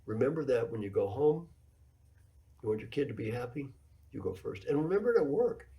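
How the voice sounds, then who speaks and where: A man's voice: mid-range voice, big pitch swings, a little fast, lo-fi sound. A man in his seventies, an executive coach giving a keynote lecture, telling stories and repeating his key points for emphasis. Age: 70s.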